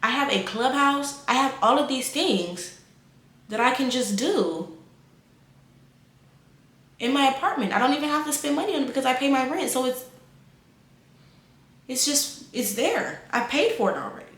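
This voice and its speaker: A woman in her twenties giving casual life advice, animated and repeating phrases for emphasis. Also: high voice, normal speed, long pauses, roomy sound. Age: 20s.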